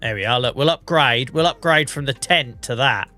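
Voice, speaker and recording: A man's voice: mid-range voice, moderate pace, pushed and bright, faint music behind. An English man streaming a farming game, under the weather with a cough, chatting in a rambling, self-mocking way. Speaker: livestreamer. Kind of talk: casual gameplay commentary.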